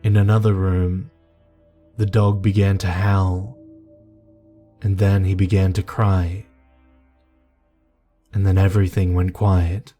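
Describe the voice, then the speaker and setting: A man giving slow, measured, grave scripted horror narration. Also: low-pitched, flat delivery, dark tone. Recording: narration over faint music.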